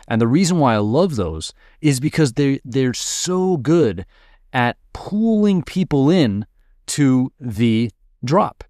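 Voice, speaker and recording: A man's voice: mid-range voice, very animated, measured pace, dark tone, no room sound, studio quality. A man teaching music production in a casual screen-share tutorial, explaining as he works and checking in with "right?" and "all right".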